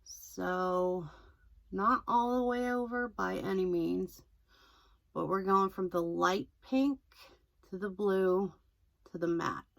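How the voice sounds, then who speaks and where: A young woman chatting through a makeup tutorial, rambling and self-deprecating, a little hoarse. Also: medium pitch, slow pace, a bit bright. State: slightly hoarse, losing her voice. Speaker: makeup vlogger.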